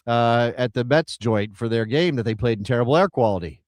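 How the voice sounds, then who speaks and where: A man's voice: medium pitch, a little fast, a little mellow, no echo, studio quality. A man co-hosting a casual soccer live stream, chatty and rambling as he reads out viewer names. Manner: rambling, chatty, thinks aloud while reading chat names. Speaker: soccer show co-host.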